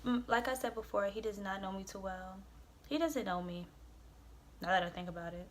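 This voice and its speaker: A woman's voice: mid-range voice, brisk, slight background noise. A young adult woman vlogger telling a storytime tale, rambling and swearing, with lots of "like". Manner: rambling, profane, filled with "like". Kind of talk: storytime vlog.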